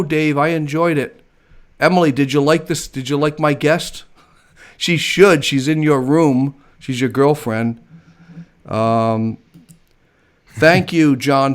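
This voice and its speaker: An American man hosting a casual live-stream chat, talking in a chatty, enthusiastic way and laughing often. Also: mid-range voice. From United States. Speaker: host.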